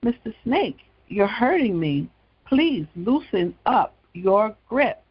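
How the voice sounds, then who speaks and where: A kind, polite woman speaks gently in a raised voice, as a man puts her on while telling the story. The delivery is slow and slightly gravelly, and the sound is dull and lo-fi. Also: medium pitch, big pitch swings, no echo, exaggerated voice. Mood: pained. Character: kind woman walking in the woods.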